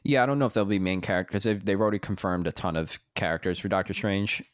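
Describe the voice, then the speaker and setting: Deep-voiced man in casual chat. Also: fast, no room sound. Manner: enthusiastic, reads from his notes. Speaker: podcast co-host. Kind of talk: casual chat about a TV show.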